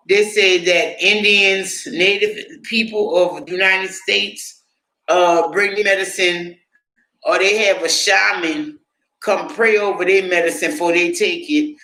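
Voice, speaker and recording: A woman's voice: on the low side, steady tone, unhurried, bright, forceful tone. A woman vlogger talking in a casual, rambling monologue, profane and indignant. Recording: echoey room.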